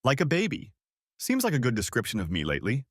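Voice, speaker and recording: A hurt, pleading wife in a storybook reading, as a male narrator puts her on. Her lines rise and fall in a lively way, and the sound is dry and close with no room. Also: mid-range voice, quick pace, breathy edge, no echo. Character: distraught wife confronting her husband, woman in her thirties.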